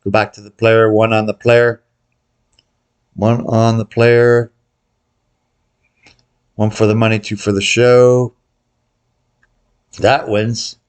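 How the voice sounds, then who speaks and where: A man's voice: lowish voice, little pitch movement, slow, pauses often, smooth. An older man hosting a gambling tutorial, calling out bets to viewers in a casual, joking way. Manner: chatty, jokey, calls out bets to viewers. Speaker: baccarat tutorial host. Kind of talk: casual commentary over live bets.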